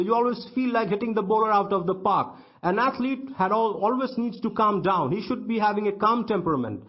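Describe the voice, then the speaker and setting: A male schoolteacher with an Indian English accent, reading a story to his class and then retelling each line in simpler words, often stumbling and repeating himself. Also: high voice. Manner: halting, repeats words and restarts sentences. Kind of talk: classroom literature lesson, reading aloud and explaining. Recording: dull lo-fi recording.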